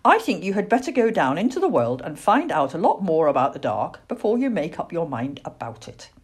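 A calm, firm mother barn owl, as a woman puts her on in a storybook. Her voice is low and a little husky, patient yet gently teasing, with a wide lift when she makes a point. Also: fairly quick.

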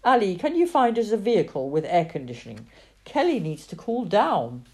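A woman reading aloud, voicing a male rescue dog handler who speaks briskly and kindly. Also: a little high, wildly swooping pitch, darkish tone, pitched above the performer's own voice. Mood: urgent.

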